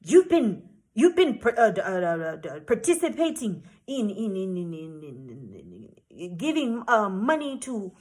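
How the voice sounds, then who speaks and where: A woman's voice: medium pitch, sing-song, measured pace, a little mellow. A woman voicing a male immigration officer who stammers while accusing her. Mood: stammering, accusing.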